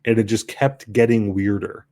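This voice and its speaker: A man's voice: fairly low pitch, steady tone, moderate pace, darkish tone, no room sound, studio quality. A young man co-hosting a casual late-night game podcast, rambling with lots of restarts and easy laughter. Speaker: podcast co-host.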